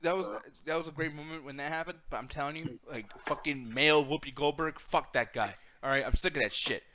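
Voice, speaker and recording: Man, high voice, bright and forceful, animated rant, heavy swearing, podcast chat. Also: a little fast, a little hiss or hum. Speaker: co-host.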